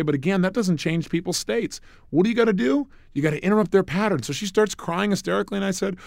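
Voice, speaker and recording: Middle-aged male motivational speaker, punchy and emphatic, animated pitch, dry recording. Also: fast talker, vocal fry, hardly any pauses, no echo. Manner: emphatic, punchy coaching delivery.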